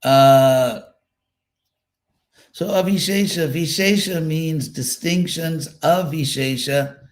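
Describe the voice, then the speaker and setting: Man slowly teaching scripture, thinking aloud. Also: on the high side. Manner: relaxed explaining, thinking aloud with fillers and repeats. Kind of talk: live scripture class.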